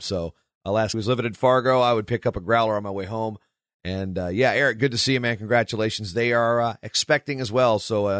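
A man with a raspy voice hosting a wrestling podcast in casual, rambling chat full of filler words. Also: on the low side, a bit bright, no echo, clean studio sound. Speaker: podcast host.

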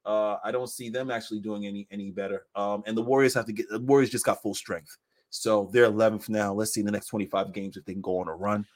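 Talking basketball in a casual sports podcast chat, a man speaks quickly in a lowish voice. He's animated and laughing, acting out quotes as he goes.

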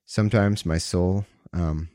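A man's voice: low voice, fairly even intonation, dark tone, no room sound, clean studio sound, pitched below the performer's own voice. A man voicing an embarrassed male prophet who halts and stammers through a confession. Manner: halting, full of fillers.

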